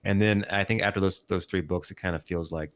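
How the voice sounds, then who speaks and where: A man co-hosting a casual podcast, talking in a halting way with frequent restarts. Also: low voice, steady tone. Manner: halting, restarts mid-sentence. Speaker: podcast co-host. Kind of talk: casual chat.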